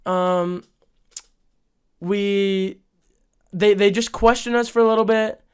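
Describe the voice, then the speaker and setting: A young man co-hosting a podcast, telling a story in casual chat, profane and excitable, laughing often. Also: sits high, slow pace, smooth. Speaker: podcast co-host.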